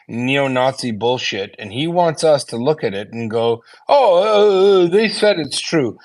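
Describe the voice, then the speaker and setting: A man in a heated live audio debate, ranting angrily and hurling insults at his opponent. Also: mid-range voice. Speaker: debate participant.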